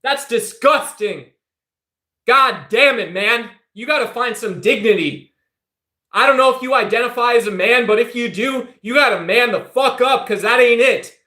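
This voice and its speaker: A man's voice: very high-pitched, moderate pace, bright, forceful tone. A man ranting heatedly at his livestream chat, confrontational and addressing viewers directly. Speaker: political streamer. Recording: echoey room.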